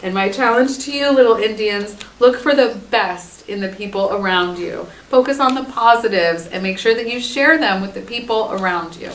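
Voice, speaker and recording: A woman's voice: mid-range voice, moderate pace, few pauses, a little hiss or hum. Distant, echoey woman reading a storybook. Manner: expressive. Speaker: school staff reading to students. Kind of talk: storybook read-aloud over announcements. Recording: echoey, distant school announcement.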